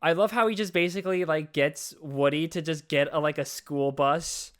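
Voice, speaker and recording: A man chatting casually about a movie on a podcast, jumping into quick put-on voices for the characters. His voice sits a bit high for a man and sounds smooth and clear. He swears freely as he talks. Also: steady tone, a bit bright. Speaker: podcast co-host. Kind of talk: casual movie recap chat.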